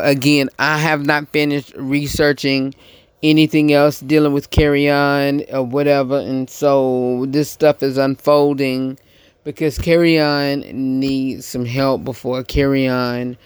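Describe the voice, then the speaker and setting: American guy hosting a podcast, slow and halting, repeats stuff, smooth clear voice, dry sound. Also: mid-range voice, fairly even intonation, dry recording. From United States. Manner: halting, repeats phrases, many fillers. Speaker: podcast host. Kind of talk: casual commentary monologue.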